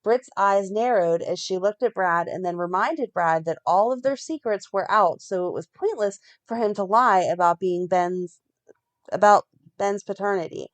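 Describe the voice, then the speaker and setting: A woman co-hosting a fan podcast, reading a plot recap in a steady run and breaking off now and then to comment. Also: medium pitch, normal speed. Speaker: podcast co-host recapping a soap.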